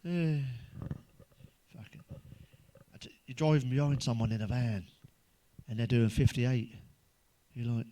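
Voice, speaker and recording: A man's voice: mid-range voice, measured pace, long pauses, mellow. A middle-aged man telling crude jokes in a blunt stand-up monologue, swearing constantly. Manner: blunt, heavy swearing, does character voices in jokes. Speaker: stand-up comedian.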